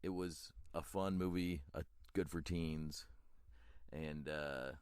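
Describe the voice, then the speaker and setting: A man's voice: a bass voice, steady tone, slow, a little mellow, clear, resonant tone, dry recording, clean studio sound. A middle-aged man co-hosting a podcast, chatting about a movie in a teasing, playful way, now and then putting on silly voices. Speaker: podcast co-host. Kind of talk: casual movie review chat.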